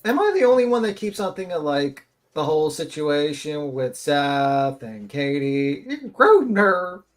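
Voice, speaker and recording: A man's voice: on the high side, unhurried, darkish tone. A man giving blunt, profane, rambling commentary as a guest on a live-stream panel.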